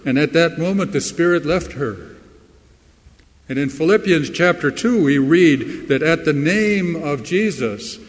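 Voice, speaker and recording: A man preaching a sermon, slow and emphatic, leaning hard into key words. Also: fairly high pitch, big-room sound. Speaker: pastor.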